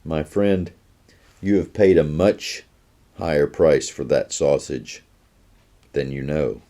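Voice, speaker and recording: A man voicing a serious, gentle minister, reading from a children's storybook. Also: rumbling low, heavily acted. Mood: earnest. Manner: earnest, measured. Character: earnest male Scottish minister, gentle and serious.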